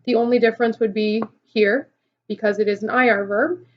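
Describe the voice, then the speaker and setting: A woman teacher talks through a recorded lesson in a fairly high voice. She explains patiently, step by step, with frequent "okay" and "um". The sound is a little dull and lo-fi. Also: fairly even intonation, fairly quick. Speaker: Spanish teacher. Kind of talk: recorded classroom lesson video.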